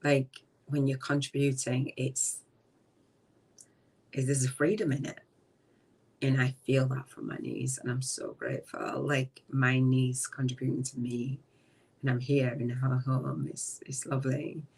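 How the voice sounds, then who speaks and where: Soft-spoken, reflective middle-aged woman, distant mic. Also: very deep voice, creaky, breathy edge. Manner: reflective, slow and unhurried, trailing off, often dropping soft. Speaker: podcast host. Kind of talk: live-streamed spiritual talk. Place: a relative's home.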